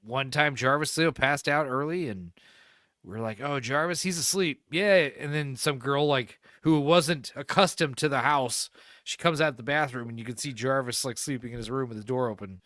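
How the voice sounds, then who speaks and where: A man's voice: mid-range voice, moderate pace, fairly bright tone, dry recording, studio quality. A young man co-hosting a podcast, telling stories in a rambling, profane way, laughing often and acting out quotes. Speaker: podcast co-host. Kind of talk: casual storytelling chat.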